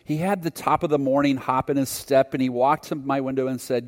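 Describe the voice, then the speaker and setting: A man's voice: mid-range voice, fairly even intonation, fairly quick, hardly any pauses. A male preacher recounts a personal testimony in an earnest, reflective way. His voice sits in the middle of the male range. The sound carries a long reverb, like a big sanctuary. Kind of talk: sermon testimony storytelling.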